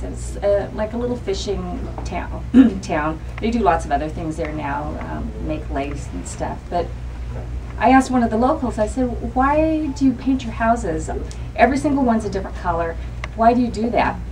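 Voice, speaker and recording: Author talking from far off in a room. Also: female voice, medium pitch, a little mellow. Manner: thoughtful, rambling with fillers. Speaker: author at a book event Q&A. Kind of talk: audience Q&A talk. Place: bookstore event room. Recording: distant mic in a noisy event room.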